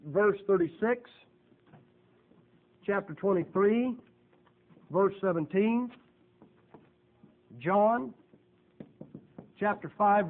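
A man with a high voice delivers a folksy, emphatic sermon, firing rhetorical questions at the congregation. The recording is thin and tinny, like a phone line. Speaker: preacher.

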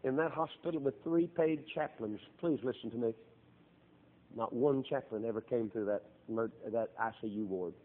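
A middle-aged man preaching a sermon, with fervent delivery that swells into loud, drawn-out emphasis. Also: mid-range voice. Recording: tinny phone-like lo-fi sound.

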